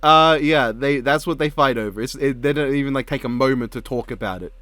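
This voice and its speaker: A man co-hosting a casual commentary chat, animated and swearing freely. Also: medium pitch, brisk, no room sound. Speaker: co-host.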